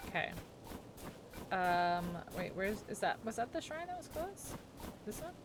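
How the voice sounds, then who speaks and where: A woman's voice: mid-range voice, sing-song, unhurried, music in the background. A woman streaming a video game, chatting casually and reacting aloud as she answers her chat. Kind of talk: casual gameplay commentary.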